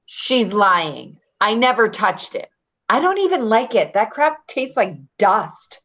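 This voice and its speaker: A woman's voice: on the high side, very animated, slow pace, a bit bright, lo-fi sound, heavily acted. A woman in a readers theater reading, playing a blunt, defensive live-in caregiver who answers with sarcasm. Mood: indignant. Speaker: actor in a staged reading.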